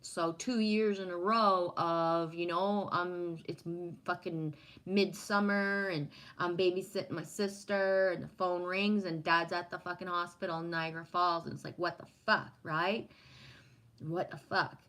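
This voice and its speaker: A woman's voice: lowish voice, steady tone, measured pace, a bit bright, rough recording. A woman from Canada chatting casually on a livestream, rambling and swearing freely while reading and answering comments. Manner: profane, rambling, talks to chat. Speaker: livestream host.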